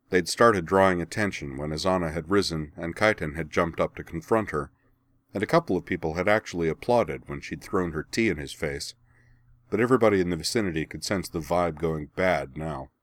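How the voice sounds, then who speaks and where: A man giving steady, measured scripted narration of a story. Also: low-pitched, no room sound, clean studio sound.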